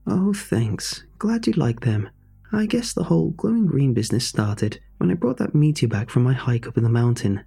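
A man's voice: mid-range voice, big pitch swings, normal speed, creaky, mellow, breathy edge, soft background music, exaggerated voice. A man voicing an eccentric older woman inventor who is overly cheerful and slightly manic, talking in a rambling, sing-song way. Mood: eager.

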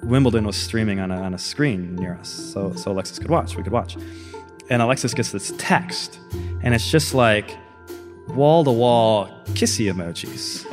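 A man, a guest, eagerly telling a story in a casual style. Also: on the low side. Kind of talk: casual anecdote.

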